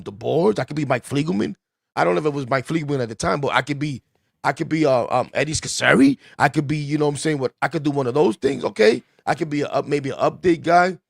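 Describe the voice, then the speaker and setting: A man with a New York accent, hosting a casual podcast and telling a story in an animated way. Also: a little high, gravelly, dry recording, studio quality. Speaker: podcast host.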